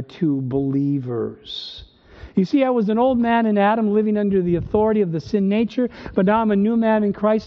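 High-voiced man preaching a sermon. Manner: emphatic, rhetorical questions, slows down on quoted verses. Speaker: pastor. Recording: dull sound with long reverb.

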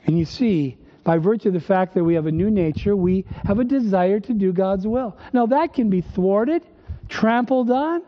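High-voiced older male preacher. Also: animated, normal speed. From northern Minnesota. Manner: emphatic preaching with rhetorical questions and dry humor. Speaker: pastor. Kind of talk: sermon. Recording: dull recording with long hall reverb.

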